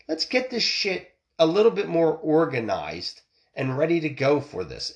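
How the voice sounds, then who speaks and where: A man's voice: fairly high pitch, gravelly. A middle-aged man ranting and telling a story bluntly, swearing often and restarting his sentences. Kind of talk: profane ranting monologue.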